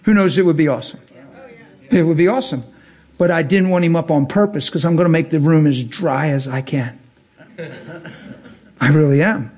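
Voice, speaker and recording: A male preacher delivering a casual, storytelling sermon, animated and slangy, often laughing as he talks. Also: a little high, breathy edge, dull audio.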